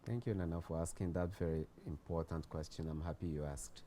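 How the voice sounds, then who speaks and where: A man with a Ghanaian English accent, a guest explaining warning signs in a measured way, repeating key words for emphasis. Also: low voice, fairly even intonation, warm tone, slight background noise. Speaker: guest expert on mental health. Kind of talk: explanatory studio talk.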